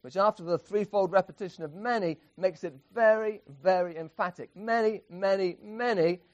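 High-voiced man preaching with emphasis. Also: fairly quick, darkish tone. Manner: emphatic, with frequent restarts and chuckles. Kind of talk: expository sermon.

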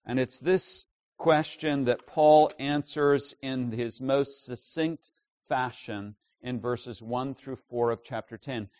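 A man preaching a Bible sermon, stressing key words loudly and dropping to quiet asides. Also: fairly even intonation, slow, dry recording, dull audio. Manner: emphatic teaching, swinging between loud stresses and low asides. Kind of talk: expository sermon.

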